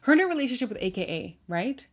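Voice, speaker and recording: A woman's voice: a little high, big pitch swings, quick pace. Woman vlogger, casual sassy recap voice, sighs and exasperated asides. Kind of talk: casual reality-show recap.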